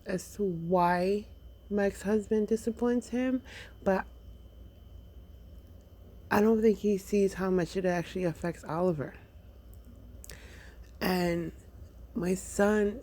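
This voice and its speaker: A woman's voice: mid-range voice, warm tone. A young adult woman, a mother, casually telling a personal story, hesitant with many fillers and restarts.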